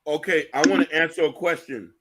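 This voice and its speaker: A man hosting a casual talk show, joking and animated, playing up mock fear. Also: on the high side, a little fast, over a noisy crowd. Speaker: show host.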